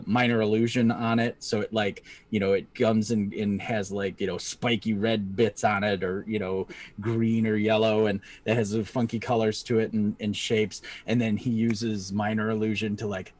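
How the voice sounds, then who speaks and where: Playful rambling man, low voice. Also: darkish tone. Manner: rambling and playful, often laughing and acting out little character voices. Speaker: podcast co-host. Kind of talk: casual chat on a live stream.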